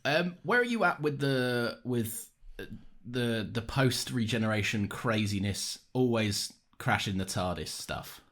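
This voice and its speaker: A man co-hosting a casual podcast, his pitch rising and falling a lot as he talks. He is chatty and keeps breaking into quick put-on voices to act out scenes. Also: lively intonation, fairly bright tone. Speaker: podcast co-host. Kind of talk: casual chat.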